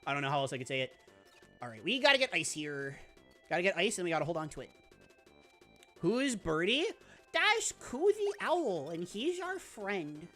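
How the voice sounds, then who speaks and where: A woman streaming a video game, chatting casually with her viewers, laughing often and squealing when things get exciting. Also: lowish voice, fairly quick, pauses often, soft background music. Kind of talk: casual live-stream commentary.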